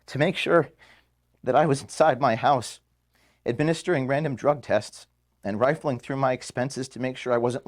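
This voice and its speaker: Man in his thirties, office farewell to staff, halting, mid pitch, filmed in the room. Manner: halting, emotional, pauses and restarts. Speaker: organization founder addressing staff. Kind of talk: emotional farewell speech. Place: office, indoors.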